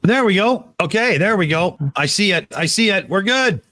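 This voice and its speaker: A man's voice: sits high, lively intonation, normal speed, sharp tone, no echo. A man hosting a live stream, talking through the technical setup in a practical way. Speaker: host. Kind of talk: casual live-stream chat.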